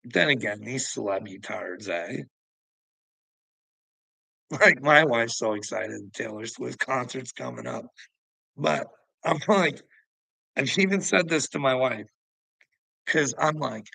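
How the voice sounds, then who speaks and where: A man's voice: mid-range voice, lively intonation, slow, vocal fry, long pauses, sharp tone, dry recording, poor audio. A middle-aged man hosting a livestream, rambling in casual chat, laughing often and swearing as he talks to viewers. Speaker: livestream host.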